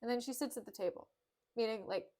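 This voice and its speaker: A woman's voice: a little high, fast talker, dark tone. A woman streamer reading a play aloud and retelling it in casual modern words, with breezy, jokey asides.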